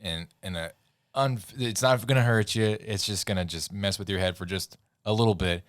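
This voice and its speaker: Deep voiced guy rambling on a podcast, lots of laughing, dry sound. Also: moderate pace, no echo. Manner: rambling storyteller, laughs often, loses his words. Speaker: podcast co-host. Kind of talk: casual podcast chat.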